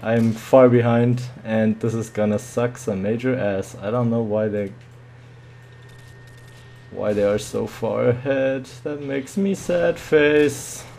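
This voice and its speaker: A man's voice: lowish voice, steady tone, unhurried, gravelly, warm tone, slight background noise. A man commentating his own shooter match live, muttering and swearing with sudden yelps.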